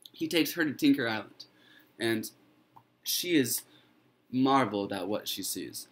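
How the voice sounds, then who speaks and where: A man's voice: mid-range voice, animated, normal speed. A man telling a fairy tale he made up, in a loose, informal way with fillers and restarts. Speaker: student storyteller.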